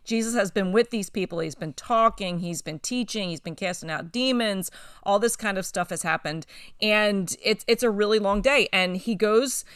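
A woman co-hosting a Bible study discussion, talking with enthusiasm and growing animated as she retells scripture. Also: mid-range voice, normal speed, smooth, no echo, clean studio sound.

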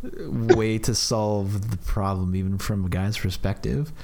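A man hosts a podcast conversation in a relaxed, unscripted way. He halts often and fills the gaps with casual fillers. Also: lowish voice. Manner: casual, halting, lots of fillers. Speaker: podcast host.

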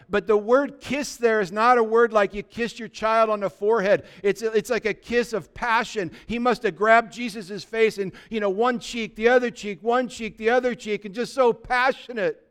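A man preaching a Good Friday sermon, retelling the story with animated, humorous asides. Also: high-pitched, normal speed, clean tone. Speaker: pastor.

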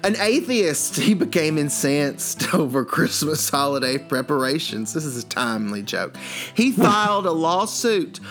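A man's voice: on the high side, very animated, a little slow, a bit bright, faint music behind. Chuckling man telling jokes. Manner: playful storyteller, chuckling through his jokes. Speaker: co-host. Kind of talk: joke-telling comedy chat.

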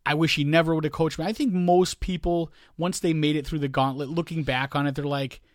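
A man's voice: on the high side, flat delivery, a little fast, no room sound, studio quality. A man co-hosting a podcast in casual chat, rambling and often restarting his sentences while he hunts for words. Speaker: podcast co-host.

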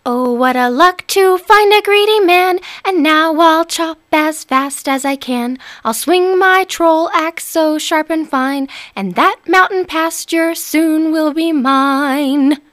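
A woman's voice: fairly high pitch, big pitch swings, measured pace, bright, forceful tone, full character voice. A woman voicing a bold, sly young female troll who chants her lines in a sing-song way.

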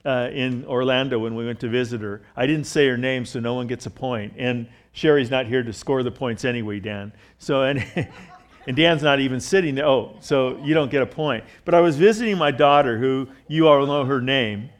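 A man's voice: medium pitch, moderate pace. A middle-aged man preaching a sermon in a church in a loose, conversational way, telling jokes and stories with frequent restarts. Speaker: pastor.

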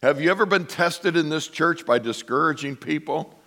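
Animated storytelling male pastor. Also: a little high, moderate pace. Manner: animated storytelling, acts out voices. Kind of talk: sermon.

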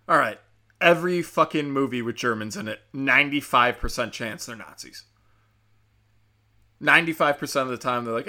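A man's voice: medium pitch, normal speed, long pauses, pushed and bright. A man hosting a show, ranting in profane, sarcastic commentary and mocking the people he talks about.

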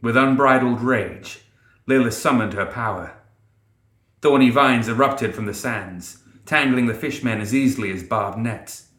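A man narrating a dark fantasy story in a steady, dramatic way. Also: mid-range voice, unhurried, roomy sound. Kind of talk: scripted narration.

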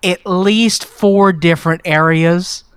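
A man's voice: high-pitched, fairly even intonation, slow, clear, resonant tone, dry recording. A man from Mississippi co-hosting a casual film podcast, wry and teasing, talking with restarts. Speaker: podcast co-host.

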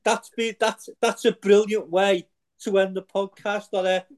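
A man hosting a podcast interview who asks halting questions full of fillers. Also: high voice, flat delivery. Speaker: podcast host.

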